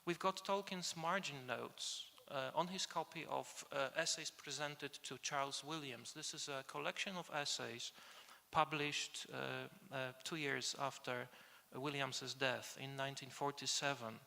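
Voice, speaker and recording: Hesitant gravelly man lecturing in a hall. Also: mid-range voice, steady tone, pushed and bright. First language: Polish. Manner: hesitant, many filled pauses and restarts. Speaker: conference lecturer. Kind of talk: academic conference talk. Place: conference hall.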